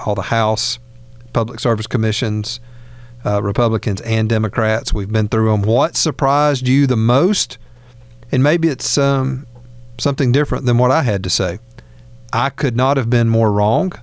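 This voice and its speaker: A man's voice: medium pitch, clean tone, no echo. A man hosting a talk radio show, chatting casually with fillers and restarts. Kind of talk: conservative talk radio chat.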